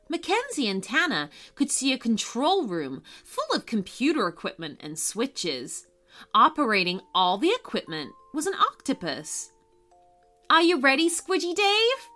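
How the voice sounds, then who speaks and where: A woman storyteller and podcast host narrating a bedtime story in a gentle, unhurried way. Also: fairly high pitch.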